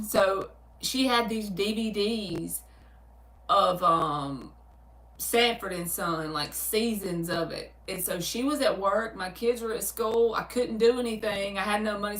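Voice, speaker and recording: A woman with a Southern US accent hosts a laid-back livestream, reading viewer comments aloud and answering each one in a chatty, animated way. She laughs easily and her voice sits in the middle of the range. She is set back from the mic, and the room adds a roomy echo. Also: medium pitch, a little slow, recorded from a distance. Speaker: tarot reader hosting a livestream. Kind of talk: casual livestream chat with viewers. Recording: roomy sound, speaker away from the mic.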